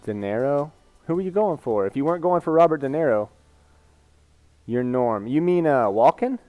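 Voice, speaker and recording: A man's voice: mid-range voice, animated, moderate pace, mellow, no echo, faint music behind. A man chatting casually on a live stream, rambling candidly and reading viewer comments aloud.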